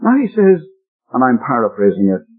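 A man's voice: medium pitch, huge pitch swings, moderate pace, husky. A man preaching a Bible-teaching sermon on the radio, earnest and emphatic as he explains the text. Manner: earnest, emphatic expository delivery. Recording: narrow-band old radio broadcast.

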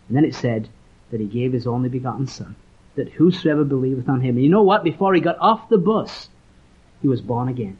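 Preacher, muffled recording. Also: male voice, medium pitch, lively intonation, fast, husky. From Leeds, northern England. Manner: earnest storytelling, reads scripture aloud. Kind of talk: sermon. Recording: dull lo-fi recording.

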